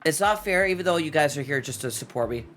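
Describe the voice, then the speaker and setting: A playful streamer with a stuffy nose, chatting with viewers deep into the night. The voice sits at a middling pitch, and the delivery is teasing and loose, with frequent laughs. Soft music plays faintly behind. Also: expressive, quick pace. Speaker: Twitch streamer. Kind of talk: casual live-stream chat with viewers.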